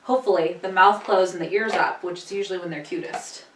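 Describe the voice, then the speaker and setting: A woman's voice: fairly low pitch, fast, distant mic, a little hiss or hum. A woman telling stories and giving tips in a casual chat. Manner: chatty, storytelling, light laughter. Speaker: guest. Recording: echoey room, voice from the mic.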